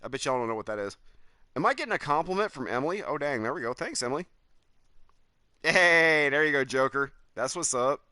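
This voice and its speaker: A man with a Southern American drawl riffs and teases his chat during a live game stream. His voice is animated and jumps around in pitch. The sound is dry and close to a desk mic. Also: a little fast, no room sound. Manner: joking, drawling, reads chat aloud. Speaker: gaming streamer.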